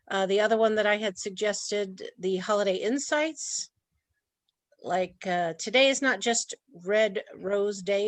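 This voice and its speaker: A woman's voice: mid-range voice, a bit bright, no room sound. A woman presenting an online training talk in a chatty way, laughing often. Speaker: workshop presenter.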